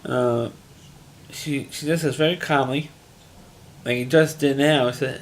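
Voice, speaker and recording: A man's voice: medium pitch, unhurried, long pauses. Rambling man recapping a TV episode. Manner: rambling, frequent restarts and fillers, plain-spoken. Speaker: TV episode reviewer. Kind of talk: casual recap monologue.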